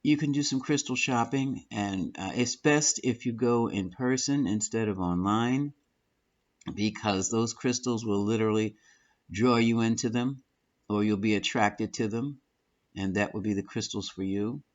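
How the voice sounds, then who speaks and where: A man's voice: on the low side, measured pace, muffled recording. A man giving a tarot reading, effusive and affectionate, calling the listener honey and my love. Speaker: tarot reader.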